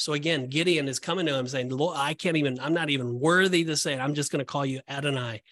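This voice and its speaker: A man's voice: mid-range voice, fairly quick, a bit bright, no room sound. A man co-hosting a podcast, explaining Bible passages in a casual way and often restarting his phrases. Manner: explanatory, repeats and restarts phrases, reads verses aloud. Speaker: podcast co-host. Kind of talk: casual Bible study discussion.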